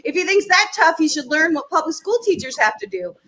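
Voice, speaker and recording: A woman's voice: very high-pitched, expressive, a little fast, bright, forceful tone, poor audio. A woman hosting a live comedy show, reading joke headlines in a bubbly, giggly way. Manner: bubbly, giggly, self-interrupting. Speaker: host.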